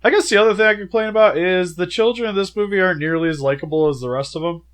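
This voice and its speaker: A young man co-hosting a casual movie review, chatty and animated with lots of filler words, feeling sick. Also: high voice, very fast, clean tone. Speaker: co-host of a movie review show.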